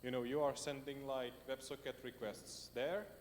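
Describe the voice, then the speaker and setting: A man's voice: mid-range voice, steady tone, normal speed. A man presenting at a tech meetup and answering audience questions in a loose, conversational way, while losing his voice. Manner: loose and conversational, many fillers, builds lists. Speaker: conference speaker. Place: meetup hall. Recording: hall reverb with faint noise.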